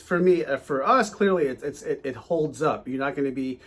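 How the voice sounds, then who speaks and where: A man's voice: mid-range voice, a little fast, fairly bright tone. A man in his late thirties co-hosting a casual movie reaction chat, easygoing and enthusiastic. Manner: enthusiastic, easygoing fan talk. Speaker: co-host.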